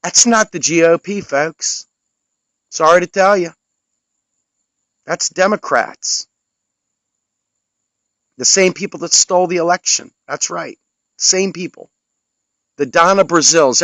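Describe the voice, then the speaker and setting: A man tears into his audience in an impassioned political rant, his tone angry and openly sarcastic. His voice sits a little high for a man. The sound is dry and close, with no room around it. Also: slow, long pauses, a bit bright, no room sound, rough recording. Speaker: political commentator.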